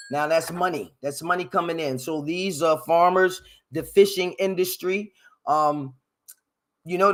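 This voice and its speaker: A man hosting a solo history talk, rambling with joking asides, correcting himself often and breaking into loud animated bursts. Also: fairly high pitch. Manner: loud animated bursts, sound-effect "ding" noises. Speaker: podcast host. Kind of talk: unscripted solo history commentary. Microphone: headphones and desk mic.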